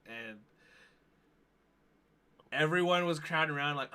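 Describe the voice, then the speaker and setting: A man in his thirties hosting a tabletop game stream, chatting loosely with lots of fillers and quick laughs. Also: medium pitch, sharp tone. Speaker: player and show host. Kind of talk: casual chat introducing a tabletop game stream.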